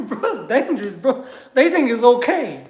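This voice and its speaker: Young guy going off on a rant, lots of bro and swearing, lively up-and-down voice. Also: extremely high pitch, normal speed. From United States. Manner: heated, profane, keeps saying "bro", laughs in disbelief. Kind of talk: casual ranting commentary. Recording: roomy echo.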